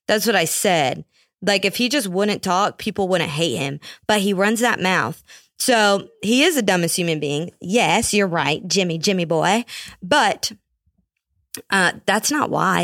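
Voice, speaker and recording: A woman's voice: medium pitch, a bit bright, dry recording, studio quality. A young woman hosting a casual solo podcast, ranting with sarcastic, mocking asides. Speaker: podcast host.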